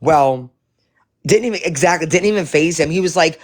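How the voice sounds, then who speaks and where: A man giving casual commentary to his viewers, animated and profane, rambling with many restarts. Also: a little high, brisk. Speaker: live-stream commentator.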